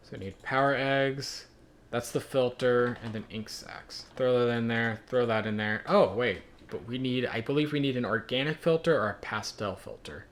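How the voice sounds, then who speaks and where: A man's voice: medium pitch, normal speed. A young man from Ireland narrating and commenting on his gameplay in a joking, self-deprecating way. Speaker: gaming video host.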